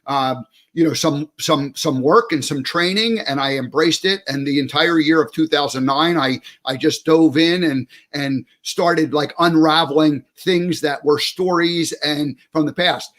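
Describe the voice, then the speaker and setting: A man in his sixties hosting an interview, talking reflectively and haltingly with many restarts. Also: on the high side, a bit bright. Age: 60s. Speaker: host. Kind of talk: casual interview chat.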